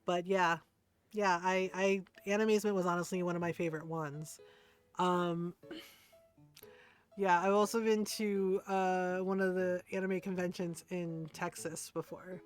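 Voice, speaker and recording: A woman's voice: on the low side, steady tone, unhurried, smooth. A woman streamer chatting casually while gaming, rambling with lots of fillers and asking "right?" often, over faint background music.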